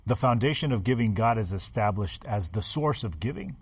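A man co-hosting a Bible study discussion, explaining points deliberately like a teacher. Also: fairly low pitch, animated, breathy edge, dry recording. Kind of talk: casual group discussion.

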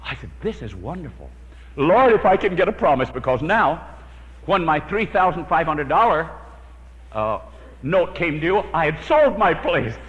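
Man, preacher, storytelling sermon, acts out prayers, lively pitch, dull old recording. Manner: dramatic storytelling, acts out his own prayers. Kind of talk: sermon with personal testimony. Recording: lo-fi hall recording with long reverb.

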